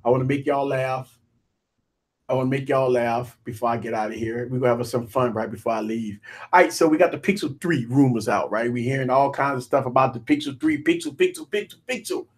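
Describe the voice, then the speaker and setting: A man hosting a live tech stream, joking and ranting in an animated, repetitive way. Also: mid-range voice, brisk. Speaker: tech show host.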